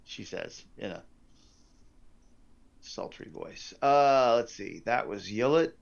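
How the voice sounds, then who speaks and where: A man's voice: mid-range voice, lively intonation, slow pace, vocal fry. A man running a tabletop game as game master, thinking aloud over rolls and rules in a lo-fi live-stream recording. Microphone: headset or desk mic on a live stream.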